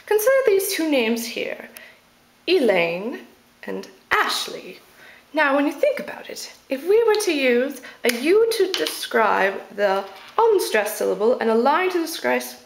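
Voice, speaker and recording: Woman teacher explaining poetry, fairly high, unhurried voice; playful asides; echoey room. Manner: slow and deliberate, playful asides, sounding out stresses.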